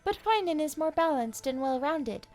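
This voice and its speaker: A woman's voice: high voice, lively intonation, moderate pace, darkish tone, soft background music. Gossipy young game girl. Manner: curious, gossipy, playful. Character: chatty gossiping young woman NPC. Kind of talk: game character dialogue.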